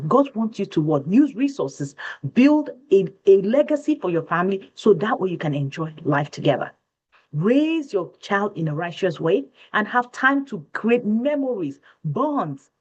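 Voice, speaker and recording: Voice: medium pitch, a little mellow. A presenter from Africa, giving a preachy motivational seminar talk that repeats points and asks the audience rhetorical questions. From West Africa. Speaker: financial education presenter. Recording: dull lo-fi recording.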